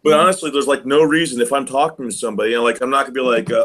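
A man's voice: medium pitch, steady tone, very fast, fairly bright tone. Chatty man telling a rambling story. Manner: rambling storyteller, mimics people he quotes. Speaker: podcast co-host. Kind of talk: casual chat.

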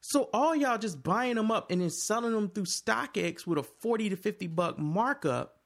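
A man in casual chat with friends, telling stories in an animated, profane way. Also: high voice, moderate pace.

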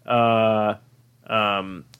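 Dude hyped up pitching stuff on a podcast, swears constantly, animated storyteller. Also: male voice, drawn-out words, clear, resonant tone, narrow, tinny audio. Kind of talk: casual chat.

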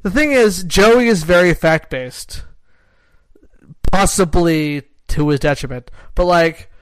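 A man's voice: high-pitched, slow, clean tone, dry recording. A Canadian man co-hosting a podcast in casual, rambling chat, full of "like" and restarts. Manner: rambling, self-interrupting, frequent "like". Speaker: podcast co-host.

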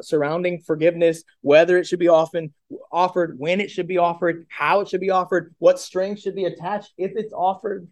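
A man preaching a sermon as pastor, retelling a parable with lively storytelling and rhetorical questions. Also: on the high side, no echo, studio quality.

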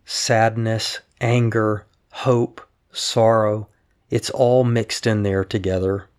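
Low, gravelly man reading aloud calmly. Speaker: husband reading his wife's writings aloud. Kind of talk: reading written updates aloud.

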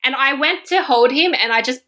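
A young woman casually telling a personal story on a podcast, acting out what people said with big jumps in her voice. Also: brisk. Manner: animated, acts out quotes with big pitch jumps.

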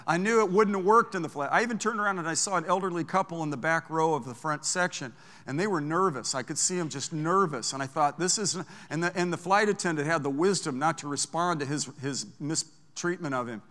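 A bright-toned, high-voiced man preaches a storytelling sermon. His delivery is animated and anecdotal, swinging between hushed and loud. A long reverb hangs in a large church sanctuary. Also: a little fast, hardly any pauses. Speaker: pastor.

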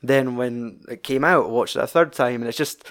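A man's voice: medium pitch, fairly quick, a bit bright. Chatty Scottish man rambling about films. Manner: rambling, swears freely, many fillers. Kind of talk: casual film chat.

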